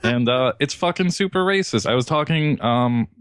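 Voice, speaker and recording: A man's voice: medium pitch, lively intonation, normal speed, clear, resonant tone, no echo, clean studio sound. A man co-hosting a podcast in casual chat, ranting in a profane, exasperated way. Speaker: podcast co-host.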